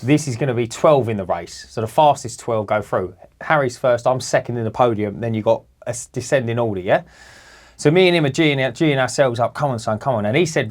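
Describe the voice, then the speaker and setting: Man, podcast co-host, animated sweary storyteller. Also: medium pitch, brisk. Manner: animated, swearing, acts out other people's voices. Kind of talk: casual storytelling.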